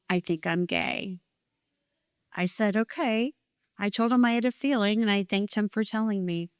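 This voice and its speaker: A woman's voice: medium pitch, fairly bright tone, clean tone, no echo, clean studio sound. A middle-aged woman telling a heartfelt personal story at a live event, reading from her pages and openly emotional.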